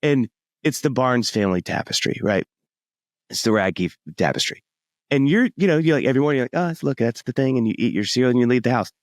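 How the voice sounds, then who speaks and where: A middle-aged man chatting as a podcast guest, an animated storyteller who acts out little voices in his anecdotes. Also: mid-range voice, quick pace, no echo, studio quality. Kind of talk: casual chat.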